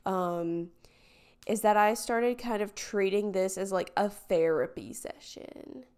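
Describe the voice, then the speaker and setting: A woman's voice: medium pitch, a little mellow, smooth. A woman hosting a casual solo podcast, talking in a hesitant, rambling way full of fillers, candid and reflective. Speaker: podcast host.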